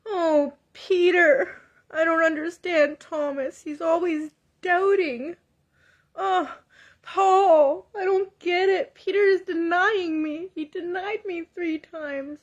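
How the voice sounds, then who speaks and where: A woman's voice: extremely high pitch, fairly even intonation, highs cut off, voice pushed up. A woman mimicking Jesus as a whiny, self-pitying man who moans about his followers. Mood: whining. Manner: whining, drawn-out complaints.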